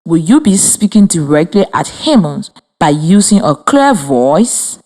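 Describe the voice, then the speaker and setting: Slow, lively-voiced woman teaching over radio. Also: lowish voice. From Liberia. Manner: slow, clear, encouraging, spells and claps out words. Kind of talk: radio reading lesson for children. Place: radio studio with students.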